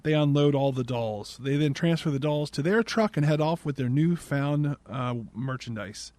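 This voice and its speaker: A man hosts a podcast and recaps a film in a sarcastic, exasperated way. His voice sits a little high, and the recording is dry and close with no room sound. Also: darkish tone, no echo. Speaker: podcast host. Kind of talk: casual movie recap.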